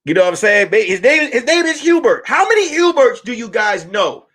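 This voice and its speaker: High-voiced, animated male comedian. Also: fairly quick. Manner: animated, profane, rambling restarts. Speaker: comedian host. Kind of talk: live-stream comedy rant.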